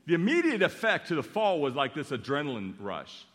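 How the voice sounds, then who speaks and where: A pastor preaching a sermon in an animated, emphatic way, repeating phrases for effect. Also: male voice, on the high side, a little fast. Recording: long reverb of a large hall.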